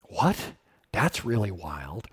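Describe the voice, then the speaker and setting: A man's voice: lowish voice, sing-song, slow, slightly rough. A middle-aged man live coding on a stream, thinking aloud casually with sudden surprised exclamations and answering chat questions.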